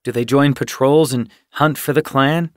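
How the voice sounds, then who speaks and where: A man's voice: mid-range voice, fairly even intonation, normal speed, no room sound, clean studio sound, voice pushed up, lightly acted. Restless young tomcat apprentice in an audiobook, eager and probing; a male narrator plays him. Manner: eager, questioning.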